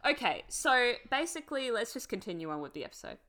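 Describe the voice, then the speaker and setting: Excitable woman podcast co-host. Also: on the high side, fast talker. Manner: excitable, gushing, laughs often. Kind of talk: casual chat recapping a TV episode.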